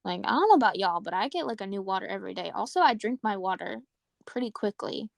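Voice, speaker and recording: A woman's voice: mid-range voice, fast, gravelly, no echo. A young woman co-hosting a casual podcast, chatting loosely, swearing and laughing often. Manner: laughing, swearing, animated storytelling. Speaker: podcast co-host. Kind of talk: casual chat.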